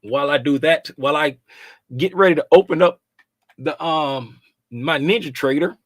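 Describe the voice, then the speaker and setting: A man's voice: fairly high pitch, moderate pace, no echo, clean studio sound. A man hosting a trading livestream, chatting casually and playfully and greeting viewers by name.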